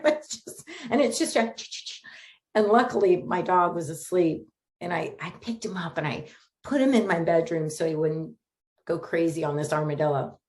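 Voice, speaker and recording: A woman's voice: fairly low pitch, darkish tone. Chatty woman minister, storytelling sermon. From Florida. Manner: chatty storytelling with frequent laughs and fillers. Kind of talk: conversational sermon. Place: Sunday spiritual gathering streamed online.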